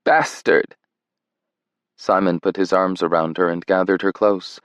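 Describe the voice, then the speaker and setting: Guy narrating a romance audiobook, low voice, measured and tender, dry close sound. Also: level tone, clear, resonant tone, dry recording. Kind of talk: scripted narration.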